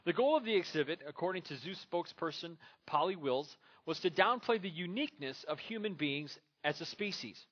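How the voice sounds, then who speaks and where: A pastor from Minnesota preaching a sermon, moving from relaxed storytelling into emphatic scripture reading. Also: male voice, fairly high pitch, lo-fi sound.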